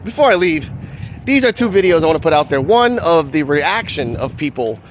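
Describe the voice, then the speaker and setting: Reaction host, male, from Puerto Rico, blunt chatty commentary, higher voice. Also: big pitch swings, fairly quick, a little hiss or hum. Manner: blunt, rhetorical questions. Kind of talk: casual reaction vlog commentary.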